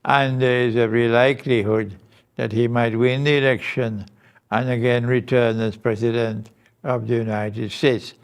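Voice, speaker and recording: A man giving a lecture as a Muslim teacher, speaking in a deliberate, emphatic way. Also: medium pitch, level tone, smooth. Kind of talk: recorded lecture.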